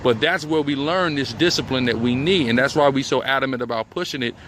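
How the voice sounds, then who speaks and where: A man's voice: mid-range voice, a little fast, a bit bright, a little hiss or hum. A man from a religious group talking in an outdoor interview, often adding "you see what I'm saying". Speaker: member of a religious organization. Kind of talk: casual interview talk.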